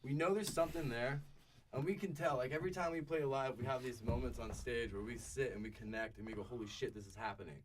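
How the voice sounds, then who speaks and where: A laid-back band musician rambles through his answers, reaching for words as he goes. He sits back from the microphone, and steady noise and clicking run under his voice. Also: medium pitch, fast talker. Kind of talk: casual radio interview chat. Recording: distant mic with noise and clicks.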